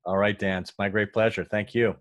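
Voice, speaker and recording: A man with a low voice tells a story in casual conversation. He gets animated and acts out the voices of the people in it. The recording is dry and close. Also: fairly quick, dry recording. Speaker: guest.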